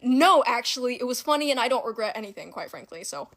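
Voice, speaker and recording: A young woman telling a casual story-time anecdote in an animated, giggly and indignant way. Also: fairly high pitch, fast talker.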